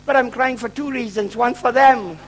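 Telling his testimony during a sermon, a middle-aged traveling preacher from Malaysia speaks at a moderate pace in an extremely high voice. He's a self-mocking storyteller who cracks jokes and laughs at them himself, captured in a rough recording with a bit of background noise.

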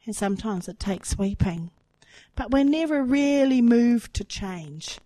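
Sounding woman preaching, earnest, repeats stuff, kinda high voice, dry sound. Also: lively intonation, a little slow, dark tone, dry recording, low-quality recording. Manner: earnest, emphatic repetition, voice rising with emotion. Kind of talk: sermon.

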